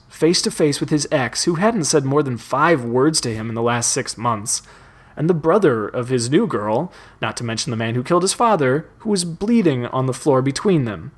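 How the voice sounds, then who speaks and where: Guy reading a story out loud, steady and plain. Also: mid-range voice, slightly rough. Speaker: narrator. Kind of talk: reading a fan story aloud.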